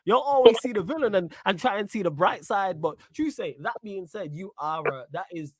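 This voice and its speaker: A man hosting a casual podcast chat, teasing his co-host and getting loud and high-pitched when he is worked up. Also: normal speed, no echo, clean studio sound. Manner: animated, teasing, rises sharply in pitch when excited.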